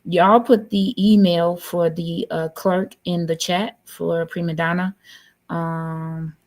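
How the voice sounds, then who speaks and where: A woman's voice: lowish voice, flat delivery, slow, darkish tone. A woman hosting a livestream, effusive and upbeat as she talks to her guest and viewers. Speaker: livestream host. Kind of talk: casual chat.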